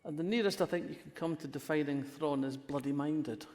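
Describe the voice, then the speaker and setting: On a festival hall stage with long reverb, a guest crime writer in her sixties from Fife tells wry stories in a polished Scottish accent during a live conversation, often restarting sentences. Her voice is low, warm and fairly quick.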